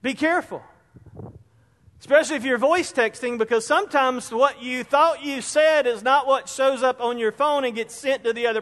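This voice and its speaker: A man's voice: very high-pitched, fairly bright tone. A man preaching a conversational sermon as pastor, acting out everyday examples to make his points. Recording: long hall reverb.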